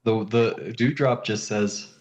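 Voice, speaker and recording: A man's voice: lowish voice, slow, a little mellow, a little hiss or hum. A man narrating a tabletop game as game master, hesitant with many ums and uhs, on a dull lo-fi recording.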